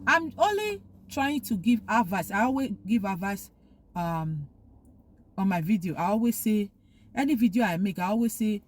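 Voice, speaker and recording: A woman's voice: medium pitch, big pitch swings, normal speed. Earnest woman pleading advice to camera. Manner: earnest, pleading, repeats herself for emphasis. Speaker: vlogger giving advice. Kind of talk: casual opinion monologue.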